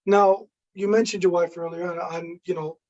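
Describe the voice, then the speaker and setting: A man from Brooklyn with a notably high speaking voice, hosting a casual podcast interview. His questions are eager and informal, strung together with lots of "you know" and "like.". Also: flat delivery, moderate pace, a little mellow, lo-fi sound. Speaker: podcast host.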